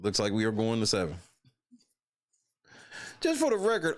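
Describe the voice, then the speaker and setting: A man's voice: lowish voice, huge pitch swings, moderate pace. A man hosting a live commentary show, mocking and profane, laughing as he reacts. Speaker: host.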